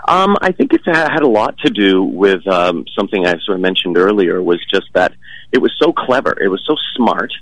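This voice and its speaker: A man with a very deep voice answers interview questions about performing. He talks in a relaxed, halting way, full of fillers and restarts. The recording is dry and close. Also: no echo, rough recording. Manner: hesitant, many fillers and restarts, chuckling. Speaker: stage actor, interviewee.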